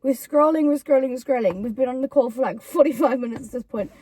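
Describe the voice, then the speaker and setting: A woman's voice: sits high, quick pace, darkish tone, husky, no room sound. A young woman telling stories about her friend in a casual chat, quoting her in put-on voices. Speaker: YouTuber co-host.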